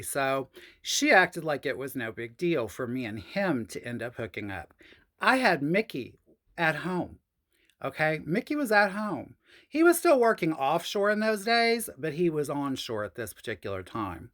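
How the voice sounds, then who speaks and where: A woman's voice: lowish voice, sing-song, unhurried. A woman hosting her own show, telling a personal story in a chatty, frank and profane way and talking straight to her viewers. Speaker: storytelling host. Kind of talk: casual storytelling monologue.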